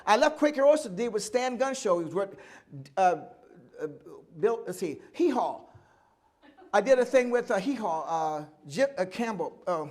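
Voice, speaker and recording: Older man, high voice, animated storyteller at a live oral history talk, acts out the voices of others. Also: moderate pace. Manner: animated storyteller acting out other people's lines, often laughing.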